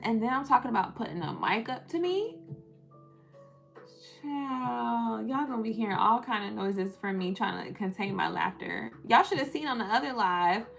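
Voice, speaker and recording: A woman's voice: fairly high pitch, creaky, a bit bright. A young woman with a Southern US accent, tired, chatting on a live stream, reading the chat aloud and laughing often.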